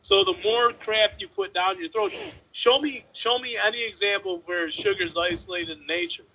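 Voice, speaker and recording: A man with a high, bright voice rants emphatically in casual podcast chat. As a bodybuilder guest, he drives his points home with mild crudeness. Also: moderate pace, slight background noise, rough recording. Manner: emphatic, ranting, mildly crude.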